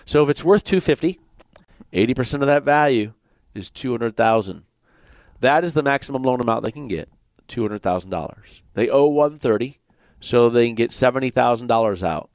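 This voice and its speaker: A man with a Michigan accent hosts a radio mortgage show from a studio. He rattles through loan figures in quick bursts and slips in jokey asides. His voice sits close and dry on the mic. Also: mid-range voice, animated, darkish tone, no echo. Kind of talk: casual radio talk. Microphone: studio microphone.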